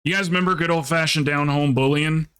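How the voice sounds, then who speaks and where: A man's voice: a little high, steady tone, brisk, fairly bright tone, clear, resonant tone. Joking, rambling male streamer. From South Carolina, USA. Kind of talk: casual chat while gaming.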